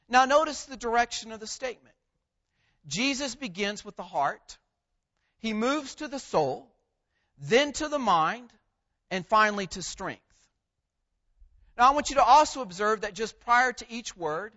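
Male preacher, high voice, deliberate and emphatic sermon delivery, muffled lo-fi sound. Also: expressive, fairly bright tone. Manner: measured, emphatic delivery with pauses on key words.

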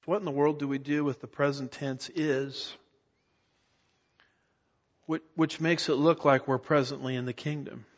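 A man's voice: medium pitch, fairly bright tone, big-room sound, highs cut off. A middle-aged man preaching an expository sermon, emphatic and often asking his listeners rhetorical questions. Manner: emphatic teacher, asks the congregation rhetorical questions. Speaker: pastor.

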